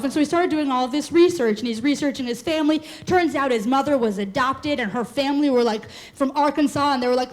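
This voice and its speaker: Onstage for a live set of comic stories, this twenty-something woman talks fast and animatedly in a high voice, frequently breaking into laughter mid-line.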